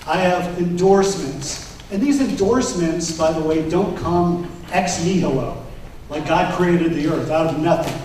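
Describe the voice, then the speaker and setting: A man with a somewhat high voice gives an animated campaign speech to convention delegates, acting out the exchanges he retells. He sounds far from the mic in a very echoey hall, with faint background noise. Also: measured pace. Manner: animated, acts out quoted exchanges. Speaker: political candidate.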